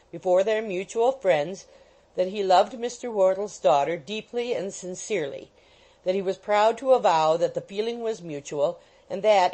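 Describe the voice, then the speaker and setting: A woman reads a classic novel aloud for an audiobook. She keeps a middling pitch and a measured, expressive pace. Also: low-quality recording. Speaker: audiobook narrator. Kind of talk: scripted narration of a classic novel.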